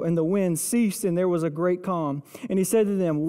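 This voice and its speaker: A pastor preaching a sermon, retelling scripture vividly and dropping to hushed intensity for emphasis. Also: mid-range voice, fairly even intonation, moderate pace, few pauses, clean tone. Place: church sanctuary. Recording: long reverb of a large church hall.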